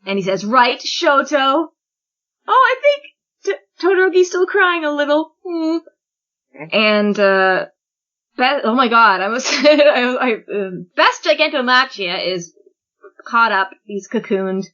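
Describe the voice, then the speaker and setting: Bright-voiced woman podcast host, lo-fi audio. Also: fairly high pitch, unhurried. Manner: lively, laughs often, acts out quotes in a raised voice. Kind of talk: casual chat recapping a manga chapter.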